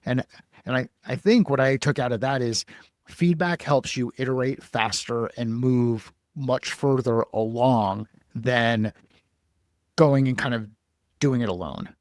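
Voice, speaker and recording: A man's voice: medium pitch, unhurried, no room sound, studio quality. A man hosting a podcast who asks long, rambling questions with enthusiasm. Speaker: podcast host. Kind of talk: casual podcast interview.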